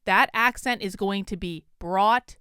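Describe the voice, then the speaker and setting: A woman's voice: medium pitch, unhurried, bright, forceful tone, clear, resonant tone, dry recording, studio quality. A woman from Vermont with a Vermont accent, giving indignant, emphatic video commentary on an online feud. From Vermont, USA. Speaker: commentary YouTuber.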